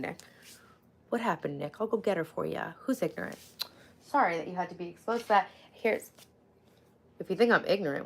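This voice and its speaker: Chatty woman in her forties livestreaming. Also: a little high. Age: 40s. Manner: chatty, thanks viewers by name. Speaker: livestream host. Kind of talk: casual livestream chat.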